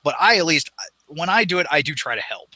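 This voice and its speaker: A man's voice: a little high, sing-song, fast talker, pushed and bright, husky, dry recording. A man co-hosting a casual tabletop gaming podcast, rambling and self-deprecating, laughing often. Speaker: podcast co-host.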